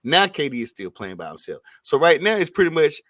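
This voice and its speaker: Man, podcast guest, measured, explanatory, mid pitch, dry close mic. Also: big pitch swings, fairly bright tone, no room sound. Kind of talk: sports debate chat.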